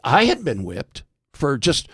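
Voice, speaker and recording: An older American man, a veteran actor, telling animated anecdotes in casual chat and slipping into impressions. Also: mid-range voice, measured pace, slightly rough, no echo, studio quality. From United States. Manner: animated storyteller, jumps into voices. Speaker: podcast guest, veteran actor.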